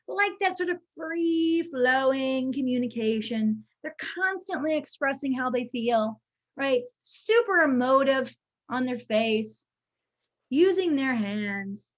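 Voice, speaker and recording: High-voiced chatty woman presenting a workshop. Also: muffled recording. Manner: chatty, checks in with frequent "okay?". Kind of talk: online training presentation.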